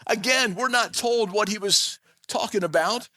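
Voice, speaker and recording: A man's voice: high-pitched, moderate pace, sharp tone. A man preaching a sermon to his congregation, retelling a story vividly and speaking to them directly. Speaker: pastor. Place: church sanctuary. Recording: long church-hall reverb.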